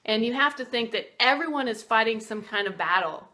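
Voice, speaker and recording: A woman's voice: a little high, animated, a little fast, sharp tone. A middle-aged woman, a martial arts teacher, telling a motivational story in a casual, conversational way, with fillers and restarts.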